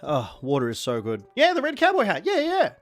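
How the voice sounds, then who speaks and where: A man in his forties with an Australian accent, chatting casually on a stream in a rambling way, sometimes bursting into excited shouting. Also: sits high, brisk, faint music behind. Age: 40s.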